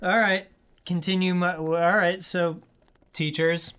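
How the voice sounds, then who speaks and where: A man's voice: high-pitched, level tone, a little slow, a bit bright, clear, resonant tone. A man co-hosting a podcast in casual, self-deprecating chat, laughing often. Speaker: podcast co-host.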